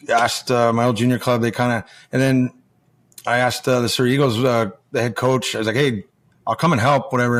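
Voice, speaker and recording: A mid-range-voiced man in his forties, once a pro hockey player and now a junior coach, guests on a podcast. He tells stories in a loose, rambling, profane way, acting out quoted dialogue in a casual chat.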